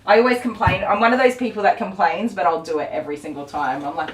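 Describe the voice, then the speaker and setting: A woman's voice: lowish voice, steady tone, fast, hardly any pauses, a little hiss or hum. Chatty woman, far from the mic. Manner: chatty, storytelling, laughs often. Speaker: dog groomer and co-host. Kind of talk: casual live stream chat while grooming. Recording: roomy echo from a distant mic.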